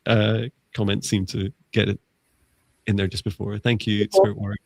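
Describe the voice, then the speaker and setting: Gravelly low-voiced man chatting on a stream. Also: little pitch movement, normal speed, dry recording. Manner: rambling, many fillers and restarts. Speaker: psychic mentor and co-host. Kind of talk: casual live-stream chat.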